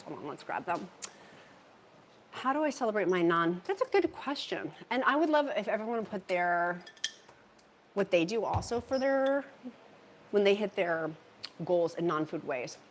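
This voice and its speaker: A woman's voice: fairly low pitch, sing-song, normal speed, slight background noise. A woman hosting a casual livestream from her home kitchen, chatty and bubbly as she reads viewer comments aloud into a handheld phone. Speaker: livestream host. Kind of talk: casual livestream chat while meal prepping.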